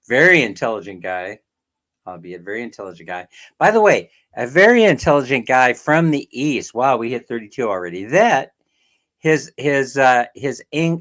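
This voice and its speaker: A man's voice: medium pitch, fairly bright tone. A middle-aged man from California with a Californian accent, rambling and laughing as he hosts a casual livestream and greets viewers by name. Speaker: livestream host. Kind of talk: casual live-stream chat with viewers.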